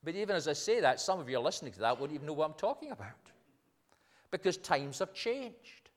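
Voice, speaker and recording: An older man preaches from the pulpit with a slightly raised pitch. He speaks in a conversational way and leans hard on his key points. His voice rings out with a long reverb in the church. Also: big pitch swings, fairly quick. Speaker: minister. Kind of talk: sermon.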